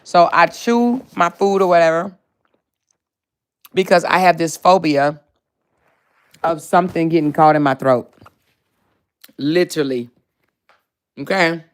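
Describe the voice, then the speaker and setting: A woman hosting a casual livestream, chatting with viewers and reading their comments in an animated, salty way, with lots of "child" and "baby.". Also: on the low side, unhurried, long pauses. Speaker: livestream host.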